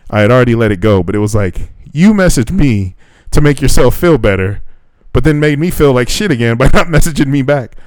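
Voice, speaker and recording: A brisk, medium-pitched young male voice, free of echo, belongs to a podcast co-host telling a dating story. He's profane and animated, quoting the dialogue and acting it out casually.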